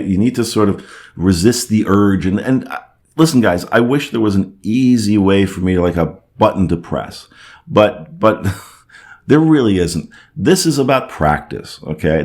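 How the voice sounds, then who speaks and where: A man's voice: sits low, darkish tone. A man hosting a casual coaching talk answering viewer comments. He speaks reassuringly, often checks in with "okay?", and acts out anxious inner chatter. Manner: reassuring, repeats "okay?" and "you see".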